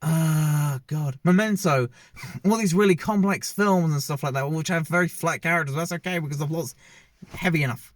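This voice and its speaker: A man's voice: a little high, normal speed, no room sound. Rambling man reviewing a film, dry sound. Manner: rambling, hesitant, many fillers and restarts. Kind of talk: casual spoken movie review.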